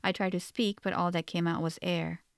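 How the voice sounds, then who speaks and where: A woman's voice: fairly low pitch, flat delivery, moderate pace, clean tone, no echo, studio quality. A woman narrating a first-person novel in an earnest, reflective manner. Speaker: audiobook narrator.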